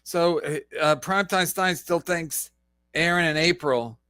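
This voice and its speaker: Guy with a sharp bright voice mocking a clip, loud sarcastic jabs, dry close sound. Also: on the high side, unhurried, smooth, dry recording. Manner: sarcastic, loud profane interjections. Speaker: podcast host reacting to a clip. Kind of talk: mocking commentary.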